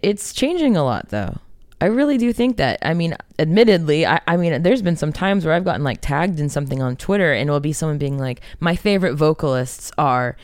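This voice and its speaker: A woman's voice: sits low, darkish tone, dry recording, studio quality. A woman singer in a band, talking candidly and expressively in a casual interview and swearing freely.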